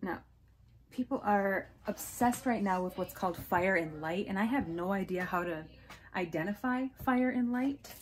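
A woman's voice: medium pitch, normal speed, slight background noise. A woman casually showing off her thrift haul, chatty and gushing over small finds, with hiccups now and then. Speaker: resale vlogger. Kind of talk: casual show-and-tell haul.

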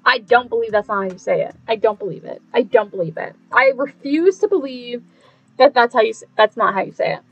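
A woman live-streaming a game in casual chat, bubbly and chatty, reading messages aloud and thanking viewers with excited squeals. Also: on the high side, fairly quick, husky, highs cut off, faint music behind.

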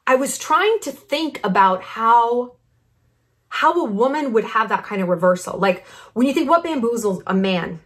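A woman's voice: on the high side, fairly bright tone. A woman in her thirties delivering a blunt, sarcastic opinion monologue as a vlogger. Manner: brash, blunt and sarcastic, with quick asides. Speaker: YouTube commentator.

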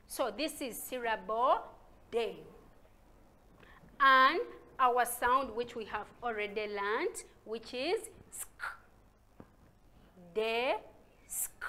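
Slow, emphatic Ugandan teacher woman. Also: on the high side. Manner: slow, sounds out syllables with loud stressed calls. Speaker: primary school teacher. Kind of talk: recorded reading lesson for young children.

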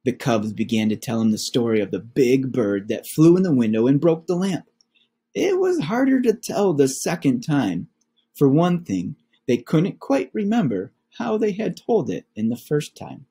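Guy reading a kids book out loud, slow and expressive, husky mellow voice. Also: medium pitch. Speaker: children's book reader. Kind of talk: storybook read-aloud.

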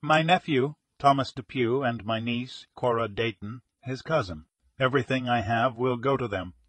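A man voicing a hysterical, slow-witted wealthy middle-aged man who cries out in alarm in a detective audiobook. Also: medium pitch, no echo, natural voice. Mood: pleading. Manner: excitable, crying out in alarm.

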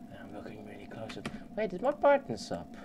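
A young man commentating on his game at home, muttering and swearing, with sudden loud yells. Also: lowish voice, wildly swooping pitch, brisk, noisy background. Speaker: let's play gamer. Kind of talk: casual gameplay commentary. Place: home computer desk. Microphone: desk mic under the monitor.

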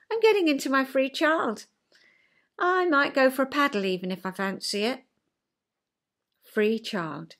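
A woman hosting a podcast, chatting about psychology and acting out quoted voices with sudden pitch jumps. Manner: chatty, checks in with listener. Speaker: podcast host. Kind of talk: casual chat explaining psychology.

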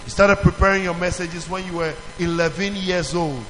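High-voiced preacher quizzing a reverberant hall. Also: male voice, moderate pace, faint music behind. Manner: animated, questioning the audience, calling for answers. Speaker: pastor teaching children. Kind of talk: call-and-response teaching to a children's church.

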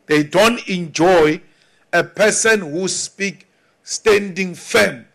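A high-pitched man with a South African accent delivers a rally speech at an unhurried, deliberate pace. His oratory is defiant and emphatic, driving points home through repetition. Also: a bit bright. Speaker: political speaker.

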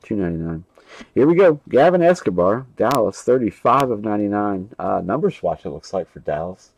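Male host, young adult, lower voice, casual and rambling, reads out card pulls. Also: very animated, a little fast, gravelly, no room sound, rough recording. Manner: casual, rambling, calls out names and card numbers. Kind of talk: live stream card break chat.

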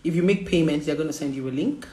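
A woman chats candidly with her viewers, teasing and laughing. Her voice sits a little low for a woman. The room echoes, with a faint hiss underneath. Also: fast, mellow. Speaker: relationship coach. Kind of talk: frank casual vlog talk.

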